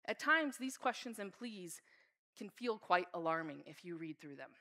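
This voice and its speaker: A woman's voice: on the low side, animated, moderate pace, sharp tone. Woman preaching a heartfelt sermon. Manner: earnest, reads scripture aloud with feeling.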